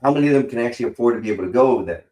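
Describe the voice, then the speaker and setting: A man hosting a call-in stream, talking casually and profanely in a rambling, animated way. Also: mid-range voice, rapid-fire. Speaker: stream host. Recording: roomy echo.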